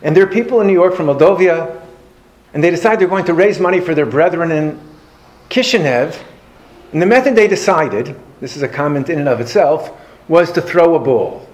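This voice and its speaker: A man giving a storytelling lecture on Jewish history to a live audience, animated and anecdotal with dry humor. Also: on the high side, fairly quick.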